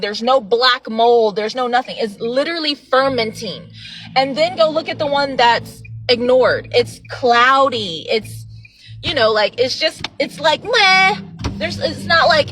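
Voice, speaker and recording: A woman's voice: sits high, distant mic, noisy background. A woman giving casual spiritual advice in an emphatic, preachy way and swearing freely.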